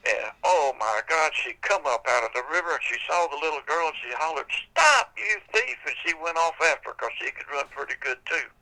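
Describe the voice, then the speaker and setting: A man's voice: on the high side, brisk, hardly any pauses, pushed and bright, low-quality recording. An older man telling a folk tale on a podcast in a folksy, casual way. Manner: folksy, casual, drawling storytelling. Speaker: storyteller.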